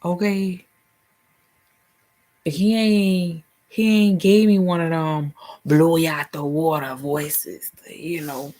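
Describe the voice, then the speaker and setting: A woman's voice: deep voice, fairly even intonation, slow pace, mellow. A woman with a Southern US accent chatting casually and profanely about her spiritual life, laughing and slipping into silly voices. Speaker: vlogger and spiritual healer. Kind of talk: casual chat.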